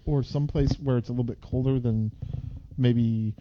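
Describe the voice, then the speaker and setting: A man's voice: medium pitch, fairly even intonation, normal speed, highs cut off, slight background noise. A man co-hosting a podcast, cracking sarcastic jokes while chatting casually about a movie. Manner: joking, sarcastic asides. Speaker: podcast co-host. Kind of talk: casual movie recap chat.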